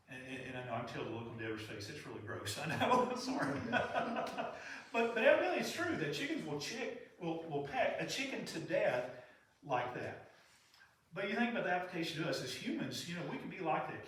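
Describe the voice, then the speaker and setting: A man's voice: a little high, a bit bright, slight background noise. A man preaching a sermon in a church in an earnest, conversational way. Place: church sanctuary. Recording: echoey hall from far off.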